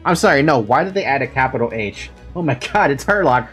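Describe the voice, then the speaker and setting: A streamer giving casual let's-play commentary, with giggly, animated asides. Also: mid-range voice, brisk, soft background music.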